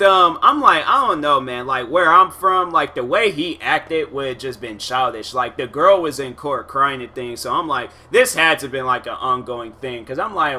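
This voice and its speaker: A man hosting a podcast, telling a story in a casual monologue, animated and exasperated, acting out his own reactions. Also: mid-range voice. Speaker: podcast host.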